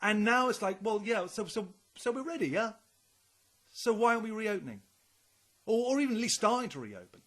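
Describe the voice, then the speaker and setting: A man's voice: sits high, lively intonation, quick pace, a bit bright. A man co-hosting a casual podcast chat, rambling and speculating, swearing often. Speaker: podcast co-host.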